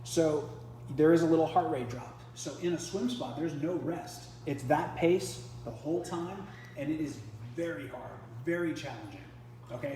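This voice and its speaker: This host, who also coaches triathlon, has a warm, higher-pitched voice, and there is slight background noise. He runs a live product demo alongside a swim spa in a chatty way, talking it through and often starting over mid-sentence.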